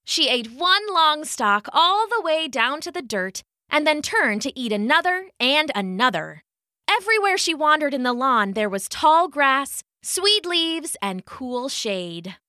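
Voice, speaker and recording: Woman storyteller, high bright voice, slow expressive children's story reading, dry close sound. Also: no echo.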